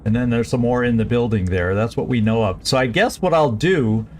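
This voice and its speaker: A man streaming a strategy game, planning his moves aloud in a halting, casual way with frequent restarts. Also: medium pitch, a little hiss or hum. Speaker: gameplay streamer. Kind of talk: casual let's-play commentary.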